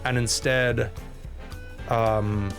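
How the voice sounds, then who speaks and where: A male streamer giving casual, ranting game commentary at a middle pitch. His tone is sarcastic and he swears freely as he complains about the series. He talks straight to his chat. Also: level tone, drawn-out words, a bit bright, soft background music.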